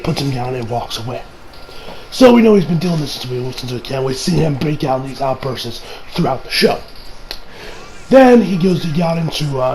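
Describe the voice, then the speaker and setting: A man with a hoarse, strained voice reviewing an anime episode in a rambling, profane, casual way with many restarts. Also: a little high, poor audio.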